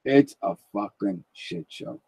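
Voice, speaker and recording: A man's voice: fairly low pitch, slow pace, a little mellow, breathy edge, dry recording. A man hosting a live stream in casual chat, blunt and rambling, swearing freely.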